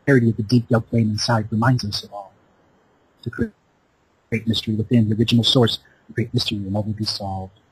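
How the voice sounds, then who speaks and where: Raspy, low-voiced man preaching in incantations. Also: darkish tone, no echo, low-quality recording. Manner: incantatory, repetitive, preaching cadence. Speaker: radio show host. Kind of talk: impassioned spiritual monologue. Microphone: Skype call.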